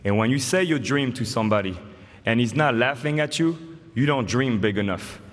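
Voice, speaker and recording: Medium in pitch and a little fast, this man in his forties from France speaks with a French accent while giving a joke-laden induction speech packed with anecdotes at a podium. The recording carries the reverberant sound of a large hall with faint ambience.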